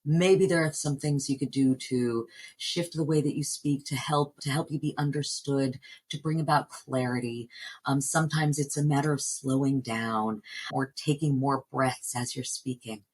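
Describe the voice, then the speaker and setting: A woman's voice: extremely low pitch, fairly even intonation, normal speed, darkish tone, a little hiss or hum, low-quality recording. An American woman from New Jersey, a voice coach, answering interview questions in an earnest, reflective way. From New Jersey, United States. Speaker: voice coach and actor.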